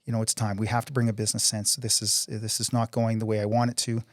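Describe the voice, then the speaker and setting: A man's voice: on the low side, monotone, fast, no echo, clean studio sound. A middle-aged man, a council candidate and oil company CEO, speaking earnestly in a casual interview with frequent restarts. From Canada.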